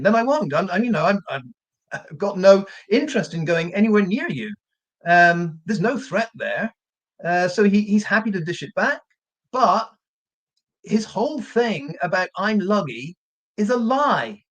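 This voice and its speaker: A man's voice: high voice, a bit bright. A man hosting a live true crime stream, ranting in a combative, indignant way and often repeating himself. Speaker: true crime channel host.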